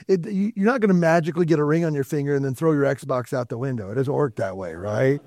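In a church sanctuary, a pastor preaches to his congregation in a conversational style, tossing in asides and quoted dialogue. His voice is a little high and darkish, and he talks fast with few pauses. The recording is dry and clean, like a studio.

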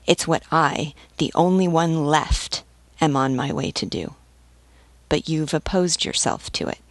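A woman reading aloud, voicing an old nobleman who speaks calmly and persuasively. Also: low voice, dry recording. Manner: calm, measured, persuasive. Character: stern old nobleman, serene and commanding. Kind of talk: audiobook reading.

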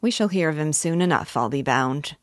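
A woman reading aloud and voicing a proud, anxious young gentleman who speaks hastily and bitterly. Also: low voice, animated, moderate pace, dry recording, studio quality. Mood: absent. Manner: hasty, bitter.

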